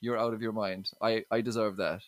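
A man's voice: fairly low pitch, level tone, a little fast, dry recording. An Irish man from Limerick, a stand-up comedian as a podcast guest, talking casually with lots of restarts and 'you know what I mean'. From Limerick, Ireland.

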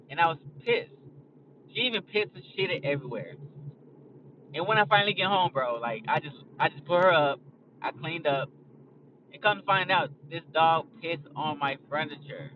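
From a moving car on a highway, a young man with a slightly high voice chats casually as a podcast host, rambling, blunt and profane. The lo-fi recording is captured from a distance with a noisy background.

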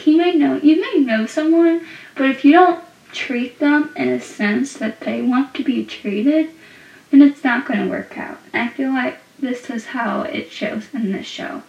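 A woman's voice: high-pitched, gravelly, darkish tone. A woman giving a casual, chatty recap of a TV episode, leaning on "like" and repeating words for emphasis. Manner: chatty, lots of "like", emphatic repetition. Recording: roomy, distant, dull sound.

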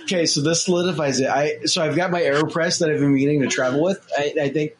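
A man co-hosting a podcast, talking in a relaxed, conversational way. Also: on the high side, fast talker, slight background noise, low-quality recording. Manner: relaxed and conversational, says "dude". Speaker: podcast co-host. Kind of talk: casual chat.

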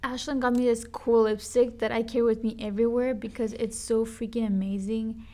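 A woman's voice: fairly high pitch, a little fast, hardly any pauses. A young woman co-hosting a podcast who speaks English as a second language, chatting casually and laughing often. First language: not English. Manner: giggly, animated storyteller. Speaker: podcast co-host. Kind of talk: casual chat.

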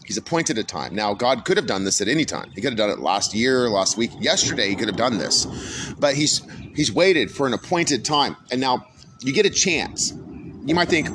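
A man's voice: medium pitch, sing-song, normal speed, noisy background. A middle-aged man delivering an unscripted podcast sermon, blunt and profane, repeating his warnings. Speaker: podcast preacher. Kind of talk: unscripted religious monologue.

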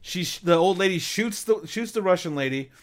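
An animated man with a high, lively voice recaps a film in casual chat. He swoops up and down in pitch, laughs often and acts out the characters' lines as he retells them. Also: fairly quick.

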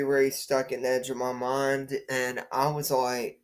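A man's voice: mid-range voice, monotone, measured pace, smooth. A man hosting his own podcast, rambling along with many fillers and repeated words. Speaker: podcast host. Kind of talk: casual monologue podcast.

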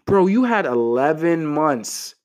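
Animated young man giving playful advice. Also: slow pace. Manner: animated, playful, slangy, jumps up in pitch for mock outrage. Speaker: vlogger giving relationship advice. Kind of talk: casual talk to camera.

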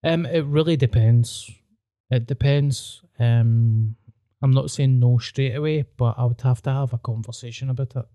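A man's voice: mid-range voice, fairly even intonation, normal speed, mellow, no echo. A Scottish man chatting casually as a podcast guest, blunt and full of swearing. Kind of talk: casual chat.

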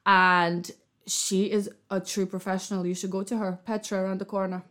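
A woman co-hosting a podcast in casual chat, telling animated stories and acting out other people's voices with laughter. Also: medium pitch, fairly quick. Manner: animated storyteller, acts out voices with loud laughter. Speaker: podcast co-host.

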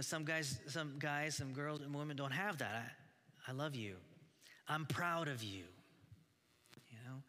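A man's voice: medium pitch, sharp tone. A man in his thirties, a pastor giving a conversational sermon, earnest and full of restarts and rhetorical questions. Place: church hall. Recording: long hall reverb.

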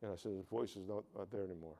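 Speaking very fast in a low, mellow voice, an American preacher shares his personal testimony from the pulpit. He often trips over and repeats his words while asking the congregation for amens.

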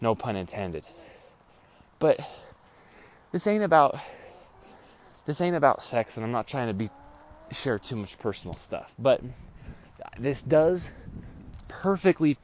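A man's voice: mid-range voice, sing-song, measured pace, pauses often, slight background noise. A man hosting a podcast, telling a personal story in an earnest, casual way with many restarts. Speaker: podcast host. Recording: dull lo-fi recording.

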